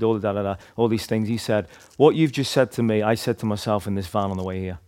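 A man's voice: lowish voice, steady tone, fast, hardly any pauses, darkish tone. A man with a Northern Irish accent tells a personal faith story to a group in a chatty, rambling way, full of restarts and "like". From Northern Ireland. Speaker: speaker sharing a testimony.

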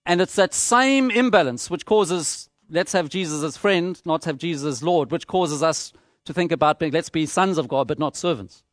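Man, high voice, preaching a sermon, emphatic, repetitive phrasing, dry sound. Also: animated, no room sound. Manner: measured, emphatic, repeats phrases for rhetorical effect.

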